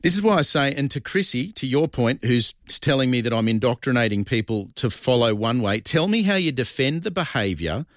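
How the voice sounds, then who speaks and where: A man's voice: medium pitch, sing-song, a little fast, few pauses, fairly bright tone, no echo, clean studio sound. A man with an Australian accent hosting a talkback radio show, blunt and combative with callers and listeners.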